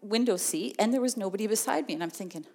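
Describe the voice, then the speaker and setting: A woman telling a personal story in an animated, chatty way, laughing often. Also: medium pitch, fast, vocal fry. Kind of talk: storytelling testimony. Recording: long reverb of a large hall.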